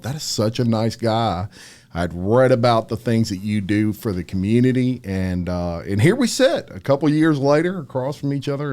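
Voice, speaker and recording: A man's voice: on the low side, darkish tone. A man hosting a podcast, chatting with a guest across the table, friendly with many fillers and restarts. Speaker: podcast host. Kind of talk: casual interview.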